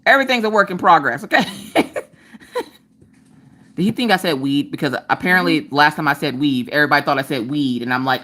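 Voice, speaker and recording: Lively, bright-voiced woman livestream host. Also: deep voice, brisk. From eastern United States countryside. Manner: animated, sassy, talks straight to viewers. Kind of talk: casual live chat.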